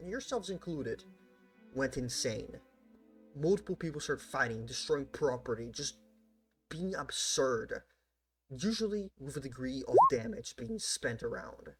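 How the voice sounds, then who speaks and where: A man running a tabletop role-playing game, narrating events in a casual, swearing way. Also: medium pitch. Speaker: game master.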